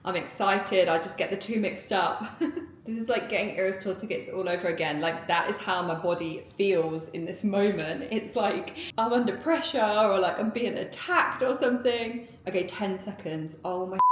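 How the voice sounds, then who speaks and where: Excitable giggly woman vlogging. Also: mid-range voice, a little hiss or hum. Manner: excitable, giggly, rambling with many "like"s. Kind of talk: casual vlog chat to camera. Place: indoors at home, getting ready. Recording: echoey room.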